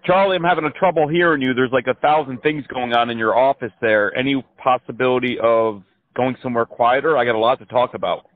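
A man's voice: medium pitch, fairly even intonation, fast talker. A man making a prank phone call, sarcastic and mocking as he talks. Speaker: prank caller. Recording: tinny phone line.

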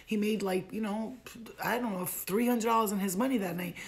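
A young American woman telling a funny travel story to camera, animated and profane, laughing often. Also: mid-range voice, a little fast, gravelly. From United States. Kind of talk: storytime vlog.

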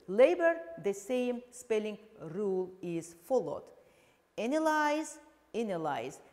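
A woman English teacher with an Azerbaijani accent, slowly explaining a televised lesson with frequent fillers. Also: mid-range voice, warm tone, big-room sound. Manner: slow, deliberate explaining with fillers.

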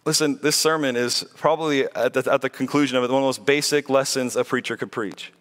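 A man's voice: medium pitch, fairly even intonation, fast talker, a bit bright. A man preaching a sermon, earnest and pleading, asking the congregation one rhetorical question after another. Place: church sanctuary. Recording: long reverb of a church hall.

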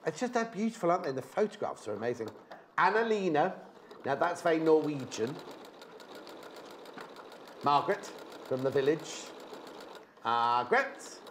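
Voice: medium pitch, very animated, fast talker, a little hiss or hum. Bubbly craft-show presenter. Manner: bubbly, rambling, jokey asides. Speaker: TV shopping presenter. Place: TV studio.

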